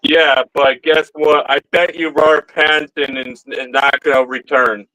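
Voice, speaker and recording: A man co-hosting a casual livestream chat who talks in a drawn-out way and repeats his phrases. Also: fairly high pitch, steady tone, pushed and bright, no room sound, rough recording.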